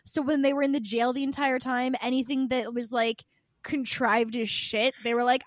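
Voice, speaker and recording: A woman with a high voice chats casually about games on a podcast. She tells her stories with lively energy and swears freely. The recording sounds dry and close. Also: normal speed, no room sound. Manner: animated, profane storytelling. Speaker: podcast co-host. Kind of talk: casual video game chat.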